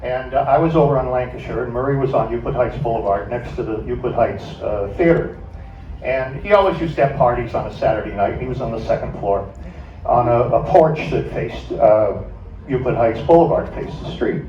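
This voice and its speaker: An older man, a former radio staffer, telling a stage anecdote with lively laughter. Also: mid-range voice, fairly quick, a little hiss or hum. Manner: animated, laughs through his anecdote. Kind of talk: storytelling on stage. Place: stage at a music club. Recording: echoey, dull, from far off.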